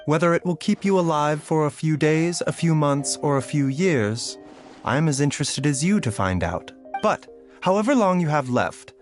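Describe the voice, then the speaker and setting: A composed, curious doctor who speaks with measured, softly amused calm, voiced by a man. His pitch moves in lively swings across each line. Faint game music plays behind him. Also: close to an everyday voice. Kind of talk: game voice acting.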